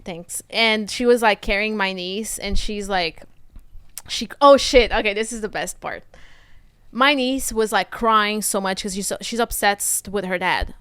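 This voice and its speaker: A woman with a Portuguese accent, a native Portuguese speaker, guesting on a podcast and telling stories in an animated, candid way with crude humor. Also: medium pitch, a little slow, smooth, no echo. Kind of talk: casual storytelling chat.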